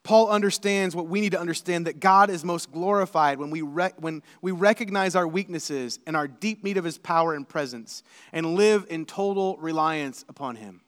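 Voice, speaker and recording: A male pastor preaching a sermon, animated and building to emphatic, shouted lists. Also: on the high side, moderate pace, hardly any pauses, long reverb tail.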